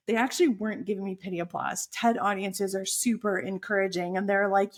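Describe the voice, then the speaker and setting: A woman's voice: medium pitch, normal speed, hardly any pauses, darkish tone. A woman guest telling a personal story in conversation, acting out her own thoughts as quoted lines. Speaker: podcast guest.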